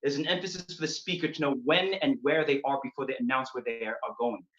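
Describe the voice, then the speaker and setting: A man's voice: mid-range voice, steady tone, fast, a bit bright. A man performing a spoken word poem at a poetry slam, with a rhythmic, emphatic delivery. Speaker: slam poet. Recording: dull, echoey venue recording.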